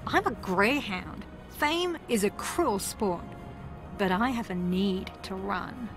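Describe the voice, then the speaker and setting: An actress voicing a wry, sarcastic female reality-TV contestant from New Zealand in a mystery video game, with a dry, teasing, deadpan delivery. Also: mid-range voice, takes it slowly, soft background music.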